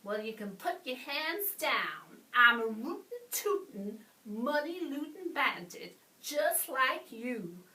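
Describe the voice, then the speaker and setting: A woman's voice: mid-range voice, lively intonation, takes it slowly, few pauses, sharp tone, far from the mic. Woman doing a boastful smelly cowboy bandit. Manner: bragging, folksy drawl. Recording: echoey room, voice off-mic.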